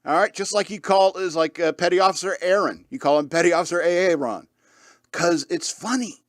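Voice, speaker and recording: A man's voice: high-pitched, a little fast, no echo, studio quality. A man hosting a radio show, talking in a casual, rambling way with frequent chuckles and restarts. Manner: rambling, chuckles often, many fillers and restarts. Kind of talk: casual rambling podcast chat.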